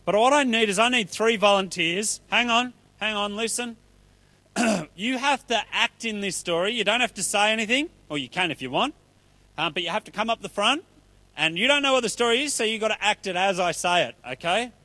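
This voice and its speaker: A man with a high voice leads a church children's talk, chatty and upbeat as he pulls volunteers into a story. The sound is dry and close. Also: fairly quick, bright, forceful tone, dry recording. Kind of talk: children's talk with audience play.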